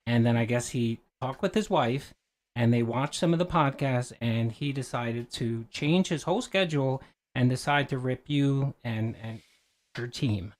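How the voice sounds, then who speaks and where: A man hosting a livestream, recapping events in a fast, excited, casual way. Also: mid-range voice. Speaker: stream host.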